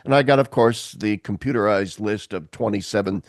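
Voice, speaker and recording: Lively, laughing male podcast host. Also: on the low side, a little fast, creaky, dry recording, clean studio sound. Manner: animated storyteller, acts out voices, laughs often. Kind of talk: casual chat on a video call. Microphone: video call.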